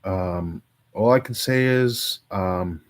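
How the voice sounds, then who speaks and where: A man's voice: low-pitched, takes it slowly. A man on a solo stream, reading poems aloud with wry, self-mocking asides that sometimes drop to near-whispers.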